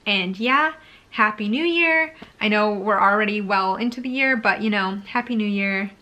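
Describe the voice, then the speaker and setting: Bright-voiced chatty young woman vlogger. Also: mid-range voice, normal speed. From Brazil. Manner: chatty and animated, laughs between points. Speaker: YouTuber. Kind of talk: sit-down talking-to-camera vlog.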